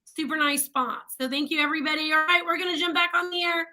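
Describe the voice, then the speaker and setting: Female radio co-host, high and very bright voice, quick banter. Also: fairly even intonation. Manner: quick reactions, laughs often. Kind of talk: casual on-air banter.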